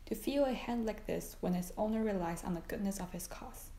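A woman's voice: mid-range voice, fairly quick, warm tone, echoey room, a little hiss or hum, close to an everyday voice. A woman voicing an earnest, anxious young soldier, reading his lines in a pleading way.

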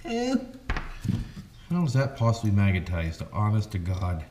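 A man's voice: fairly low pitch, huge pitch swings, unhurried. A Canadian man hosting his hobby channel, talking casually and joking as he works on a toy truck. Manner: folksy and joking, keeps saying "boys" and "why wouldn't we". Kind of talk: casual vlog narrating while working on an RC truck. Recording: echoey room with background noise.

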